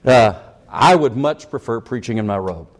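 A man's voice: medium pitch, expressive, moderate pace. An older male pastor preaching a folksy, conversational sermon full of asides and rhetorical questions.

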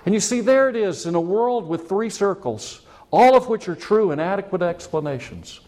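A man's voice: high voice, lively intonation, moderate pace, darkish tone. A man preaching a sermon as pastor, building up with rising questions and impassioned appeals.

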